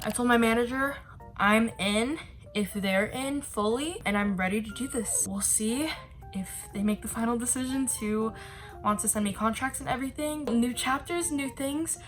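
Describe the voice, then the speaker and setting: A young actress chatting casually to her camera at home, self-deprecating and bubbling over with excitement at times. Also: a little high, moderate pace. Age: young adult. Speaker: actress and vlogger. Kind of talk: casual vlog chat to camera. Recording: music playing behind the voice.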